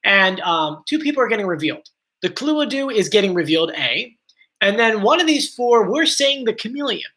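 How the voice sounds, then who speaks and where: A man's voice: sits high, sing-song, fairly quick, pushed and bright. A man with a South Jersey and Philadelphia accent, chatting casually on a live stream and rambling as he reads out viewer comments.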